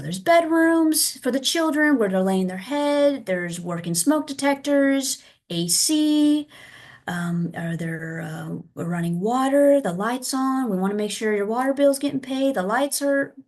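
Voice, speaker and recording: A woman's voice: fairly high pitch, animated, normal speed, a little mellow. An American woman who works as a child abuse investigator, answering interview questions conversationally and acting out her polite phone calls to parents.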